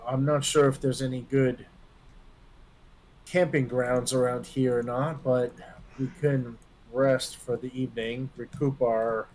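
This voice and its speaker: A man's voice: medium pitch, flat delivery, unhurried, darkish tone, rough recording. Hesitant man playing a tabletop game. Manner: hesitant, many fillers. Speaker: player. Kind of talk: tabletop game play, in and out of character.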